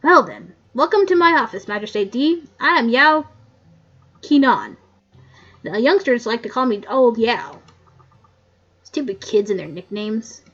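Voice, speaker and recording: A woman reading the lines of a grumpy old male coroner, loud and gruff, on a muffled lo-fi mic. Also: a little high, lively intonation, measured pace, pauses often, exaggerated voice. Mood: grumbling.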